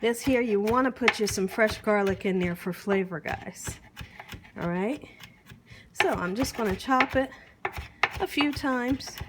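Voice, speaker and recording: A woman's voice: a little high, noisy background. A woman hosting a home cooking demonstration in her kitchen, chatty and encouraging, often checking in with her viewers. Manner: chatty, encouraging, asks "you hear me?" often. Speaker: cooking show host.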